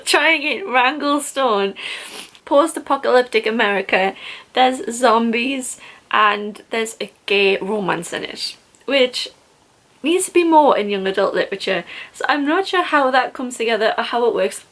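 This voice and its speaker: A woman's voice: fairly high pitch, measured pace, fairly bright tone. A young woman in a casual book haul vlog, talking in a gushing, enthusiastic way about gifts from friends. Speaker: book vlogger.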